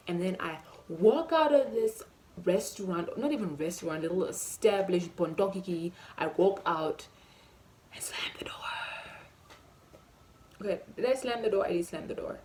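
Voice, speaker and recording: A woman, telling a storytime vlog story in an animated, emphatic way and acting out the dialogue. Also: fairly low pitch, normal speed, slight background noise. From Namibia. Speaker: vlogger.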